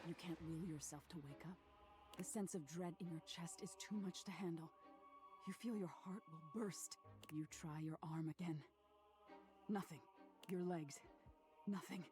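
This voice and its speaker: A woman voicing a soft-spoken female attic ghost who narrates in a slow, hushed, often whispered way. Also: on the low side, close to an everyday voice. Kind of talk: voiced game narration. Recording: game audio with clear music behind.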